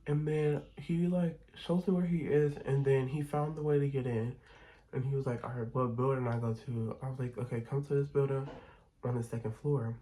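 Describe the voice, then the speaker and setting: A man's voice: mid-range voice, moderate pace, rough recording. Chatty young man telling a storytime. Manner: candid, expressive, profanity-laced gossip. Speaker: vlogger. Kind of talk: casual storytime while doing makeup.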